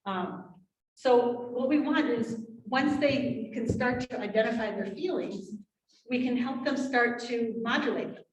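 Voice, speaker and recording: A woman's voice: on the high side, unhurried, slight background noise. Woman presenting to parents in a room. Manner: animated, acts out parent and child quotes. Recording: roomy, from far off.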